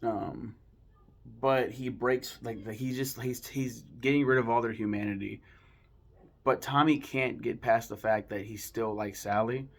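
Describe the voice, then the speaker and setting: A man's voice: medium pitch, steady tone, measured pace. A man casually reviewing a film, rambling with lots of fillers and frequent swearing.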